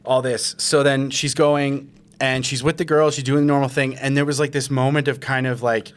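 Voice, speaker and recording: A man's voice: mid-range voice, little pitch movement, moderate pace. Rambling man telling a podcast story. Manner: rambling, filler-heavy, acts out his own quoted reactions. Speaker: podcast host. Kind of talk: casual storytelling chat.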